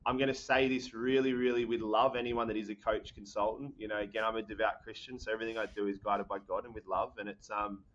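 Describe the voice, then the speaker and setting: A young Australian man, a podcast guest, talking in an energetic, rambling way with lots of fillers. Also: lowish voice, fast talker, few pauses, muffled recording. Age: young adult. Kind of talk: casual podcast chat.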